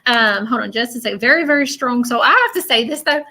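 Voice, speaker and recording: Bright-voiced woman doing a live reading. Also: on the high side, expressive. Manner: earnest, halting, repeats phrases. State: emotional, near tears. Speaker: psychic medium host. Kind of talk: live-stream spirit reading.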